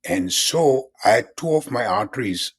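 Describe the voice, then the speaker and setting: A man's voice: mid-range voice, lively intonation, normal speed, breathy edge. An older man in his seventies, a physician guest in a conversational interview, who explains in an earnest way and repeats key terms.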